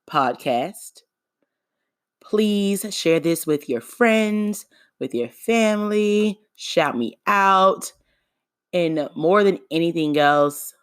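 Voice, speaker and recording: Low, slow-talking woman podcast host. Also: dry recording, clean studio sound. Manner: playful, sarcastic, chatty. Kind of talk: casual solo podcast monologue.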